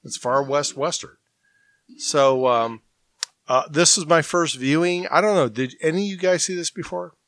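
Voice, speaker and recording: A man's voice: on the high side, normal speed, a bit bright, no room sound. A man hosting a movie podcast in a laid-back, rambling way, chuckling often. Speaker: podcast host. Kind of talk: casual podcast chat.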